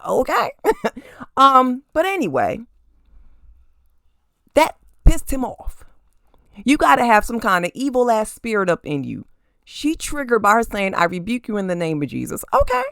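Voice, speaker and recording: Emphatic gravelly podcast host. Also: mid-range voice, big pitch swings, a little slow, pauses often, fairly bright tone, no room sound, clean studio sound. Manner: emphatic and blunt, cursing, checking in with "okay?". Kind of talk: casual opinion commentary. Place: room at home with crystals and statues on display. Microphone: camera facing the host.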